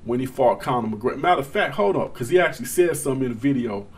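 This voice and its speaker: A man's voice: mid-range voice, animated, quick pace, slightly rough. A man hosting casual boxing commentary, talking straight to his viewers with emphasis.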